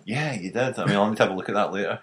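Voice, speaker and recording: Sharp-voiced man cracking jokes. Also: fairly low pitch, rapid-fire. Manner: dry wisecracking banter, swears. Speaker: podcast co-host. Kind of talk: casual chat.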